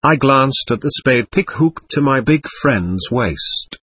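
A man narrating a war memoir as an audiobook reader, with quiet, measured delivery of the dialogue. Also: medium pitch, animated, husky, no echo. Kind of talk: scripted narration.

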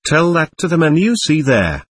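A man's voice: on the high side, wildly swooping pitch, normal speed, slightly rough, no room sound, pitched above the performer's own voice, heavily acted. A man voicing a gaunt, starving male soldier who is bitter and menacing, with a sneering manner, in a storybook reading. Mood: scornful. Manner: sneering, roaring.

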